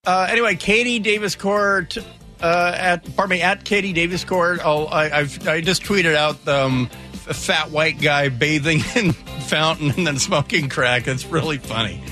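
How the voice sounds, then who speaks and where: A man's voice: a little high, measured pace, bright, forceful tone, soft background music. A middle-aged man hosting a radio talk show, joking wryly and restarting his sentences with stammers. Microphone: studio microphone.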